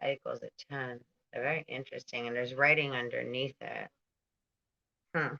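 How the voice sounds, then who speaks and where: A woman's voice: extremely low pitch, fairly even intonation, moderate pace, vocal fry, sharp tone, dull audio. A woman reading aloud and commenting casually as she goes, stumbling over hard words and drifting into asides. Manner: reads aloud, stumbles on words, laughs and digresses. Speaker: spiritual channel host.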